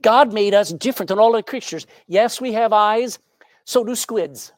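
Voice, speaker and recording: A woman preaching a sermon, animated and questioning her congregation, with jokes and anecdotes along the way. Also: mid-range voice, moderate pace, no echo, clean studio sound. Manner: tells jokes and anecdotes with a laugh.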